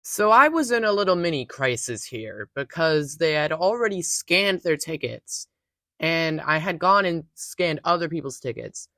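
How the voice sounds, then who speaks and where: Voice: medium pitch, no room sound. Young storyteller, dry close sound. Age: young adult. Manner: animated, wry storytelling. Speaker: movie theater worker telling stories. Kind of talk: casual storytime narration.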